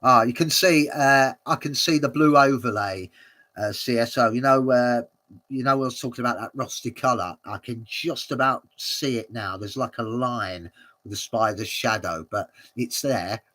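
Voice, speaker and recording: A man's voice: mid-range voice, moderate pace, a bit bright. A man hosting a watch-along, commenting casually and rambling with many fillers and frequent chuckles.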